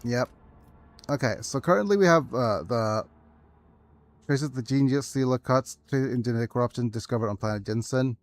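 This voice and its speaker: A man playing through a strategy game, talking softly and hesitantly as he reads menus and plans quests. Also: normal speed, no room sound. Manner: soft low-key delivery, calling it his ASMR voice. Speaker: gaming video host. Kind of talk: let's play commentary.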